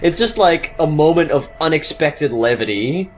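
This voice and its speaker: A man's voice: on the high side, expressive, moderate pace. A man co-hosting a casual video game commentary, talking in rambling sentences full of restarts. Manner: rambling, many restarts while forming points. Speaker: co-host of a game commentary show. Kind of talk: casual gaming commentary chat.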